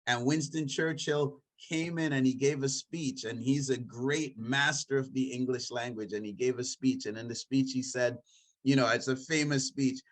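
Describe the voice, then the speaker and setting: A man's voice: medium pitch, fairly even intonation, moderate pace. A man, the guest author, telling a story in a casual book discussion and building to rhetorical flourishes.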